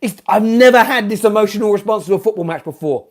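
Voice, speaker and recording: A man with a British accent hosting a football fan channel, ranting live after a match, swinging from shouting to muttering and repeating himself in exasperation. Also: sits high, quick pace. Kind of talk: live-stream post-match rant.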